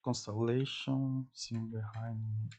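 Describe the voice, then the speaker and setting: A man speaking English as a second language, halting and searching for words, repeating words to practice saying them as he reacts to an anime. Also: lowish voice, little pitch movement, mellow. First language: not English. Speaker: anime reaction channel host. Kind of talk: casual theory-crafting reaction.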